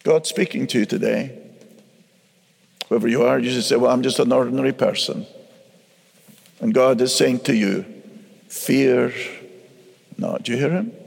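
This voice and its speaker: Gravelly earnest preacher man. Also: mid-range voice, normal speed, pauses often, in a large hall. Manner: earnest, emphatic preaching with repeated phrases. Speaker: pastor. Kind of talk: radio sermon.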